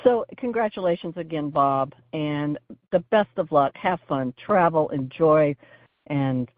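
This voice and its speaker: A woman's voice: sits low, lively intonation, unhurried, dry recording. Woman caller, chatty storyteller, tinny phone line, dry sound. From Oregon, US. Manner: chatty storyteller, laughing as she goes. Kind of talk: voicemail message to a radio show.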